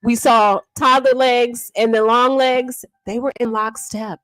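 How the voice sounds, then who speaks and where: Woman, high voice, casual gossip recap, animated, slangy, repetitive. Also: unhurried, dry recording. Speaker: livestream drama commentator.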